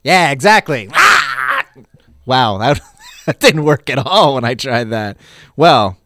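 A man's voice: medium pitch, lively intonation, a little slow, a bit bright, no echo, clean studio sound. A man working as a radio DJ, chatting casually between songs in a rambling, sarcastic and self-mocking way.

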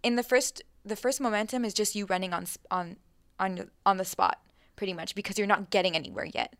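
Animated young woman telling a story. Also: medium pitch, a little fast, dry recording. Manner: animated, many fillers, acts out her own thoughts. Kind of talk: casual chat, storytelling.

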